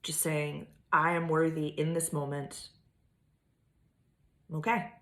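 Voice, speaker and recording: A woman's voice: low voice, level tone, slow pace. A woman vlogging about astrology in a casual, rambling way, full of fillers and swearing. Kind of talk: casual monologue. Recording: echoey room.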